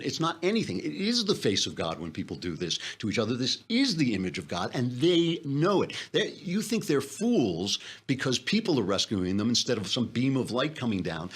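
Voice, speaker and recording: Male podcast host, fiery and sarcastic, husky low voice with animated swings in pitch. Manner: sarcastic, impassioned, preacherly. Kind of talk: political commentary monologue.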